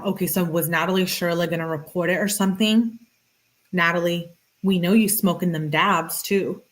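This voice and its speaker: A woman reading text messages aloud and reacting to them in a casual, slangy way with sarcastic asides. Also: on the low side. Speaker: true-crime commentator.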